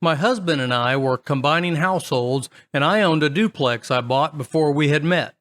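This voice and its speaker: A man's voice: on the high side, normal speed, a bit bright. A man casually reading online stories aloud, adding wry, chatty comments between them. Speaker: story narrator.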